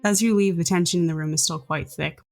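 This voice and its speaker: Woman game master, gravelly, lowish voice, casual narration. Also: steady tone, fast, a little mellow, faint music behind. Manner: casual, filler-laden narration.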